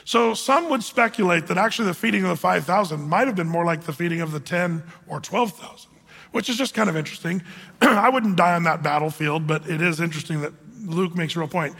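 A man's voice: brisk, creaky, a bit bright, husky, long reverb tail. A man preaching a sermon as pastor, talking conversationally with many fillers and restarts and acting out quoted voices. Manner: acts out quoted voices with raised pitch.

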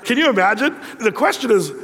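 A man's voice: extremely high pitch, animated, a little fast, a bit bright, some chatter behind. A man preaching a sermon, telling a story with playful asides and acting out quoted lines. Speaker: pastor. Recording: long hall reverb.

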